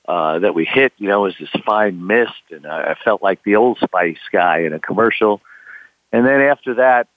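Older man, low voice, rambling storyteller, many fillers, tinny dry phone line. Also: dry recording. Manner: rambling, with many "you know" fillers, acts out quoted voices. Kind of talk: casual storytelling.

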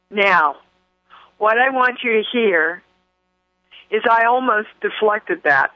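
A woman hosts a spiritual radio talk show in an unhurried, effusive ramble full of ums and restarts. The sound is dry and squeezed down to a thin, phone-like band, like an old broadcast line. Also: mid-range voice, lively intonation, no echo.

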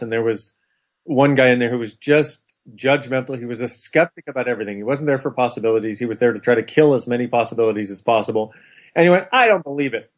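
A man telling a personal story in a casual, animated conversation, laughing often. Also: mid-range voice. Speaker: co-host. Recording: dull lo-fi sound.

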